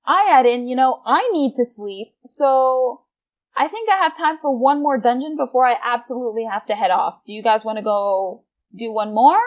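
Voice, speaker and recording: A woman's voice: fairly high pitch, normal speed, highs cut off. A woman in her twenties telling a gaming story casually and with energy, swearing freely and breaking into laughter. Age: 20s. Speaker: gaming vlogger.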